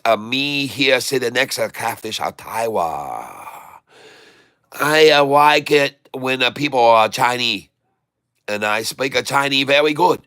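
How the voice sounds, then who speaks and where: A man putting on a halting, broken-English male persona, speaking slowly with many pauses. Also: mid-range voice, a bit bright, clear, resonant tone, no room sound, studio quality. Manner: slow, halting, full of uh pauses.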